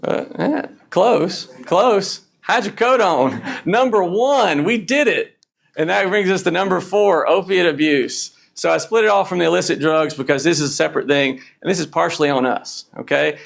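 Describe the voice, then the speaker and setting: A man's voice: fairly high pitch, a little fast, vocal fry, few pauses, fairly bright tone. A man lecturing fellow emergency doctors in a blunt, punchy way, often checking in with "okay?". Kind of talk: conference lecture.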